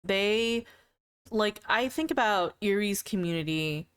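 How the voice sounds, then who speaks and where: A woman's voice: medium pitch, lively intonation, unhurried, a bit bright, clean tone. Woman, streamer, casual live-stream chat, giggly, playful, teasing. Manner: giggly, laughs often between remarks.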